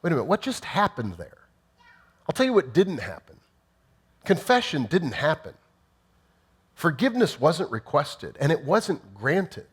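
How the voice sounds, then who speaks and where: A man's voice: fairly high pitch, wildly swooping pitch, measured pace, pauses often, slightly rough. Man preaching with emphatic questions. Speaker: pastor. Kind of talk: sermon.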